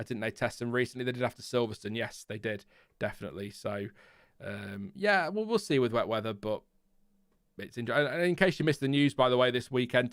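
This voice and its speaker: A man's voice: mid-range voice, fairly bright tone, clean tone, no room sound, clean studio sound. A man hosting a casual live stream, chatty and laughing often as he reads out viewer messages and press releases. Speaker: livestream host.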